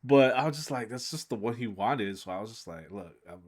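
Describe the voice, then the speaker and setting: A man streamer casually telling a personal story, animated and laughing, swinging between mumbles and shouts. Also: mid-range voice, fairly quick. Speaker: streamer reacting to a video.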